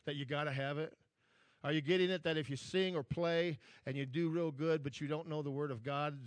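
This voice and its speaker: Earnest male preacher, higher-pitched voice. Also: no room sound. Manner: earnest preaching, rising in force when quoting scripture; repeats words, frequent "amen?" to the congregation. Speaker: pastor. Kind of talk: sermon.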